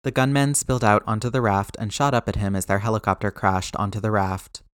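Low-voiced man narrating an action story. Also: fairly even intonation, brisk, smooth, dry recording, studio quality. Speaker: audiobook narrator. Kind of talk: scripted narration.

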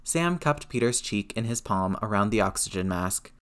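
A man reading a story aloud, narrating in an even, steady way. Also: lowish voice, moderate pace, clean tone. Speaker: reader. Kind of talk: reading fan fiction aloud.

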